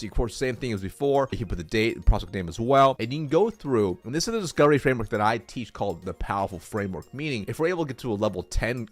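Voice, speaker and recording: Guy walking you through a scorecard on screen, plain direct teaching voice, keeps repeating the main point. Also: fairly low pitch. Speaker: sales trainer. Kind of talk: screen-share tutorial walkthrough.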